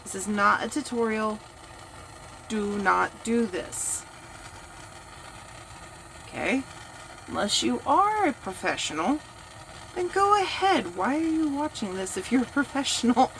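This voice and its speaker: Woman, home crafting vlog, slow talker, gravelly, chatty, self-mocking, faint noise behind. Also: on the high side, lively intonation. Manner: chatty and self-mocking, drops to a hush while working. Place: home workspace.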